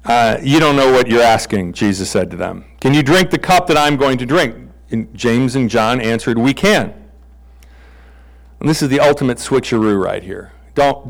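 A man's voice: mid-range voice, poor audio. A middle-aged male pastor giving a conversational sermon, playfully acting out bible characters in comic voices.

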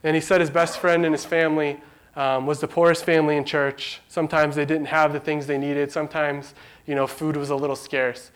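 A man's voice: on the high side, little pitch movement, a little fast, a little hiss or hum. A young man giving an informal devotional talk, telling a story in a chatty way, full of likes and rights.

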